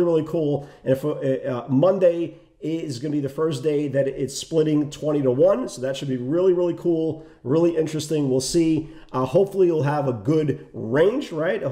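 A man giving casual, animated market commentary as a trading educator, full of asides and quick questions to the listener. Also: on the high side. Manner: animated, conversational, many asides and "right?". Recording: echoey room.

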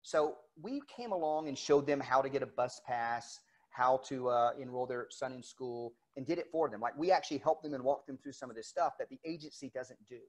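A middle-aged man preaches in a relaxed, conversational way, weaving a personal story into his sermon. He acts out the back-and-forth dialogue as he goes, in a voice of ordinary male pitch. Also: brisk, hardly any pauses. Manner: conversational, retells dialogue with quotes. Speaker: pastor. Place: church sanctuary, recorded for online service.

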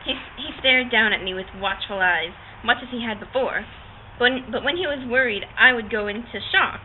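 A woman's voice: fairly high pitch, animated, brisk. A woman reading a novel aloud outdoors with friends, casual and stumbling over words now and then. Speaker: reader. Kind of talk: amateur dramatic book reading. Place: outdoors at a picnic. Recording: tinny lo-fi noisy outdoor recording.

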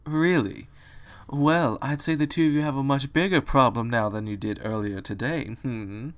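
A man voicing a malicious female cat, speaking slowly with a sly, mocking manner in a storybook reading. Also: medium pitch, steady tone, natural voice. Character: malicious slow-talking female white cat.

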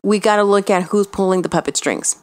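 A woman co-hosting a podcast, talking politics in a casual chat and making her points slowly and deliberately, with some hesitations. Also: medium pitch. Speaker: podcast co-host.

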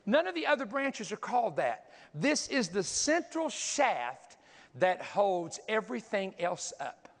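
A man's voice: high voice, sing-song, measured pace. A man preaching a sermon, teaching energetically, counting aloud and pointing things out as he goes. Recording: long hall reverb.

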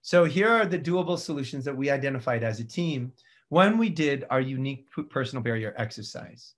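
A middle-aged male dentist giving a casual, animated lecture, swinging between loud bursts and quiet asides. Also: mid-range voice, brisk. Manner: casual slang and mild swearing. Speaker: dentist teaching a practice management course. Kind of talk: recorded continuing-education lecture.

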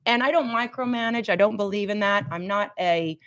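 A woman's voice: medium pitch, a little fast, fairly bright tone. A middle-aged woman giving a motivational coaching talk on a livestream, emphatic and repeating key lines for effect. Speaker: fitness and life coach.

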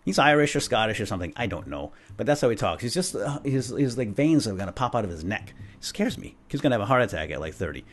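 A man's voice: fairly low pitch, big pitch swings, fast talker, hardly any pauses. A man hosting a video game let's play, casually commenting and playfully bantering with the characters. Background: game music.

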